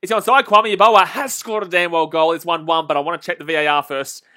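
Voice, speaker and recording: A young Australian man hosting a live football stream, commenting on the match and answering viewers in a blunt, excitable way. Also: on the high side, fairly quick, dry recording, clean studio sound.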